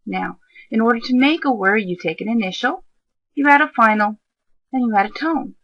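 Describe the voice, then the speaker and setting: A woman's voice: a little high, moderate pace, husky, dry recording. A woman teaching a lesson over slides. She explains step by step, speaks straight to the learners and uses fillers like "um" and "you know". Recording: dull lo-fi dry voice recording.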